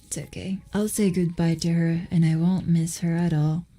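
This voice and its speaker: A woman's voice: on the low side, fairly even intonation, moderate pace, dark tone, soft background music. A woman casually chatting while she draws, rambling and muttering asides as she answers questions from chat. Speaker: streamer drawing while chatting.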